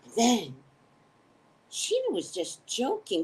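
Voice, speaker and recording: A woman's voice: moderate pace, low-quality recording. A woman, a psychic hosting her own live morning show, chatting casually, rambling, swearing freely and joking at her own expense. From United States. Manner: rambling, profane, self-mocking, digressive; animated, swings into high excited tones. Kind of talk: casual live-stream chat.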